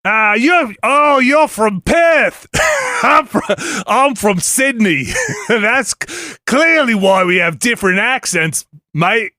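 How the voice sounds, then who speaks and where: A man putting on an exaggerated Australian bloke voice, with loud exclamations and drawn-out, high-pitched delivery. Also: huge pitch swings, husky, no room sound, clean studio sound, exaggerated voice. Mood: boisterous. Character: brash boisterous fake-Australian bloke.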